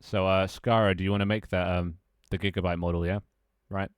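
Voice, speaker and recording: A man's voice: low voice, little pitch movement, brisk, smooth, no room sound, studio quality. A young man streaming live, chatting loosely with his viewers and friends, rambling and laughing as he goes. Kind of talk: casual live-stream chat.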